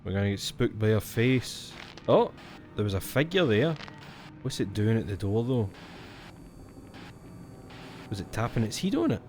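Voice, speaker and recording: A man's voice: lowish voice, sing-song, moderate pace, long pauses, darkish tone. A Scottish man chatting casually as he streams a horror game, jumpy and swearing when something startles him. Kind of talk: let's-play commentary.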